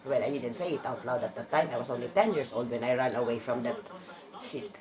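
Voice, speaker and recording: A woman's voice: very deep voice, animated, a little fast, a crowd in the background. A woman in a casual monologue, blunt and emphatic, swearing freely as she rants. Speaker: vlogger.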